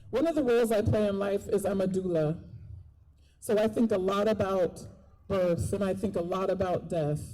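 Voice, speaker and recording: Her mid-range voice has a dark tone as this woman, a doula and rally speaker, earnestly addresses an outdoor protest in a park. She repeats key phrases for emphasis with real passion. The audio is low quality.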